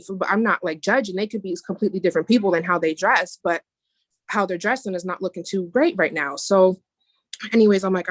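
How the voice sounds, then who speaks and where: A woman's voice: on the low side, brisk, no echo. Woman rambling through a story, dry sound. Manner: rambling, with restarts and asides. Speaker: meeting member sharing a testimony. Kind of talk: casual testimony. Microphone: video call.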